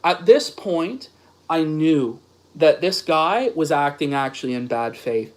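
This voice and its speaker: A man's voice: fairly high pitch, slow. A man on his stream, ranting and mocking posts that he reads aloud, swearing heavily. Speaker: streamer host. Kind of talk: angry commentary reading posts aloud.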